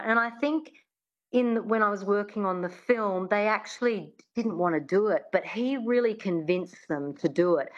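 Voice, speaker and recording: A woman dialect coach being interviewed on the radio, explaining thoughtfully with frequent restarts. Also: medium pitch. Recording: dull, muffled line.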